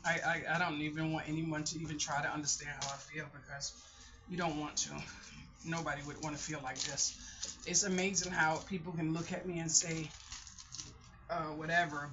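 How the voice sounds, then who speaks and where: A woman's voice: deep voice, noisy background. A middle-aged woman talking in a casual vlog, candid and rambling, often restarting her sentences. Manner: candid, rambling, self-interrupting. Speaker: vlogger. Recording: dull lo-fi sound.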